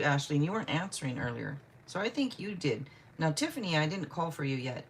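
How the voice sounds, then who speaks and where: A woman on the low side, animated and a bit bright, talks fast with few pauses over slight background noise. She's hosting a tarot livestream, reading viewer questions in casual chat, welcoming viewers by name and apologizing often.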